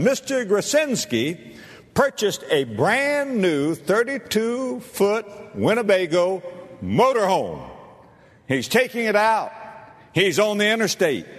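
Animated preacher man in a reverberant hall. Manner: animated preaching, swinging from low asides to high exclamations. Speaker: pastor. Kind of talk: sermon. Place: church sanctuary.

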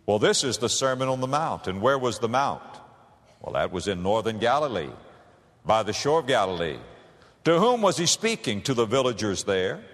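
An older male pastor preaching a sermon in a church, with dramatic, drawn-out emphasis. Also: mid-range voice, a bit bright. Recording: long hall reverb.

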